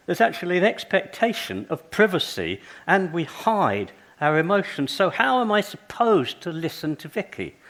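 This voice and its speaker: An older man giving a conference talk, telling stories and acting out little dialogues. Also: fairly high pitch. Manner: lively storytelling, acts out dialogues. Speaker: conference speaker.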